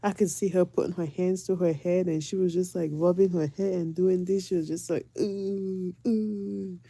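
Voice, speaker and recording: A mother tells her stories in a casual vlog, animated and quick to laugh. Her voice sits low and warm. The sound is dry and close, with no room around it. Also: husky, dry recording. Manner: animated, laughing, dramatic retelling. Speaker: mother of four, vlogger.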